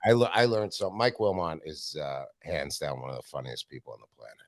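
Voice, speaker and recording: Deep-voiced man telling profane stories. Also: fairly quick, dry recording, clean studio sound. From Canada. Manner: profane, animated anecdotes with quoted voices. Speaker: stand-up comedian guest. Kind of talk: casual storytelling interview.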